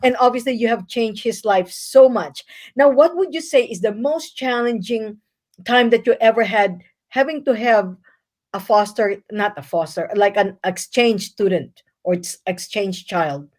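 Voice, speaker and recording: A woman's voice: a little high, unhurried, darkish tone. A woman hosting an interview, asking questions in an encouraging way. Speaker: interview host.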